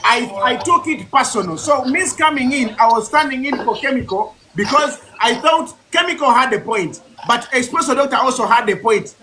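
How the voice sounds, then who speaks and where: A man's voice: very high-pitched, expressive, normal speed, hardly any pauses, bright, forceful tone, slight background noise. A man hosting a barista channel, defending himself and explaining with examples in a heated live debate over a video call.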